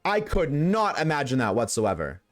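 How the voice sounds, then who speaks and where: A man's voice: on the high side, wildly swooping pitch, normal speed, soft background music. A man streaming a game, ranting bluntly to his live chat and swearing freely. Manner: chats with viewers while playing. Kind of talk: casual rant to live chat.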